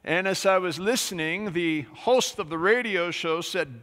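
A man delivers a sermon with a bright, forceful tone and a voice sitting a little high for a man. He talks in a conversational way, full of small fillers. A long reverb trails each phrase through the church hall. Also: measured pace, hardly any pauses. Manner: conversational preaching with many fillers. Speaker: pastor. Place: church sanctuary.

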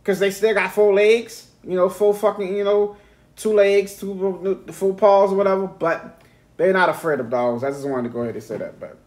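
A man's voice: high voice, steady tone, moderate pace, darkish tone. A man hosting a reaction video, telling a rambling, profane story in casual chat.

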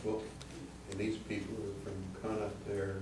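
Sex: man. Role: student. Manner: slow, repeats phrases. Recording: distant mic, roomy echo, heavy background noise. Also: on the low side, monotone. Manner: repeats phrases slowly, chatty asides. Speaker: student in the class. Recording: distant voice in echoey room with loud background noise.

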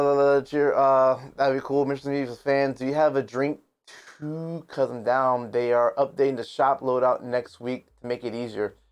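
A man streaming a ghost-hunting game, talking to his viewers in an excitable, rambling way, swearing and trailing off into restarts. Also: mid-range voice, smooth. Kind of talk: live gameplay commentary.

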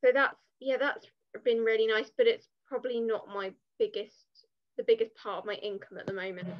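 A young English woman in her twenties, a guest on an interview, speaking softly and hesitantly with many fillers. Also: on the high side, fairly even intonation, brisk. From England. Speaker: guest content creator. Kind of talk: casual interview chat. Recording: dull lo-fi sound.

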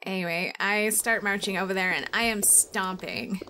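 A woman's voice: medium pitch, fairly even intonation, normal speed, sharp tone, a little hiss or hum. A woman playing a tabletop game, sardonic and joking. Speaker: player.

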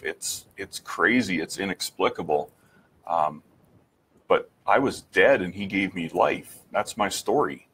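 A man giving an earnest personal faith testimony, reflective, with frequent pauses and restarts, asking the listener direct questions. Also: low-pitched, a bit bright, slightly rough. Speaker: speaker sharing his faith testimony.

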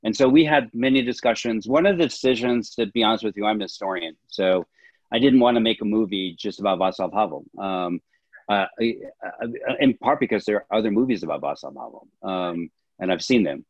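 Low-voiced man, dull lo-fi sound. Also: brisk, no room sound. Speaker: film director and historian. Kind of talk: casual interview answers.

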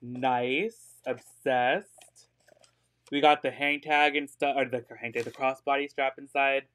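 Guy hosting a live purse sale, mid-pitched voice, chatty and giggly, lots of ums. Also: fairly even intonation, slow, fairly bright tone. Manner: chatty and giggly, with frequent fillers; upbeat and gushing. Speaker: host selling secondhand designer purses live. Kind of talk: casual live-stream sales chat.

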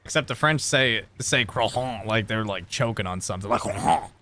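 A man's voice: fairly low pitch, a little fast, pushed and bright, a little hiss or hum. A man from New Jersey chatting playfully while streaming a video game. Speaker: gaming streamer. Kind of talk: casual live-stream commentary.

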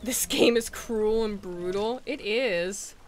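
A woman streaming a video game, loudly and expressively reacting to it and talking to the game characters as she plays. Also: mid-range voice, slow pace, slight background noise. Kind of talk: live gameplay commentary.

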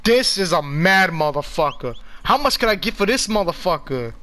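A man casually commenting while playing a video game, excitable and swearing a lot. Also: on the high side, moderate pace. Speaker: gamer.

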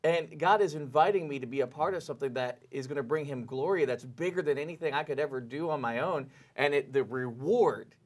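A man's voice: a little high, fairly quick, few pauses. A man co-hosting a church teaching conversation, speaking in a reflective, affirming way. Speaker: co-host. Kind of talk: conversational sermon discussion.

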